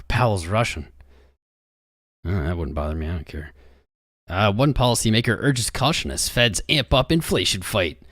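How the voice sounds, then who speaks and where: Young guy on a livestream, chatty and restless, mid pitch, dry sound. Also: no room sound. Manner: restless, talks to chat while searching. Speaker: crypto livestream host. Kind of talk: casual livestream chat.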